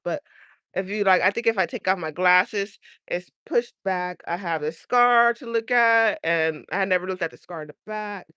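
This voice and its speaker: A woman's voice: lowish voice, pushed and bright, smooth, no echo, studio quality. A woman chatting casually on a livestream, rambling and earnest as she talks to viewers from her garden outdoors. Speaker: livestream host.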